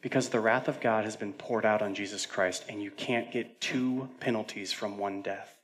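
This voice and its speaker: A male pastor preaching a sermon, moving between loud urgent declarations and hushed near-whispered storytelling, with casual fillers and self-deprecating humor. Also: fairly low pitch, fairly even intonation, moderate pace. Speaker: senior pastor.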